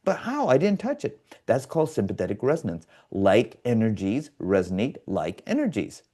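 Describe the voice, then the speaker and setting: Mellow-voiced man explaining at length. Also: on the low side, huge pitch swings, moderate pace. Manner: earnest, explains with analogies, acts out quoted people. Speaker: guest, biofeedback specialist. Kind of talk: explanatory podcast interview.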